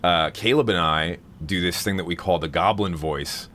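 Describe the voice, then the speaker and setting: Low-voiced man rambling on a live stream. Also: moderate pace, bright, forceful tone, a little hiss or hum. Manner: rambling, many fillers and restarts. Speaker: streamer hosting a vocal seminar. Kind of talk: casual live-stream chat.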